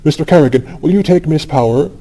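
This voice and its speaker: A man voicing an eager young woman who politely pairs up dance partners in a quick, coaxing way. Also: fairly high pitch, warm tone, pitched above the performer's own voice, lightly acted, rough recording.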